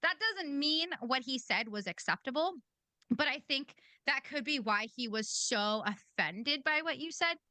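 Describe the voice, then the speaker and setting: A woman hosts a podcast, giving blunt and casual commentary peppered with swearing. Her voice is bright and forceful and sits a little high. The sound is dry and close, with no room echo. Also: animated, a little slow. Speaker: podcast host.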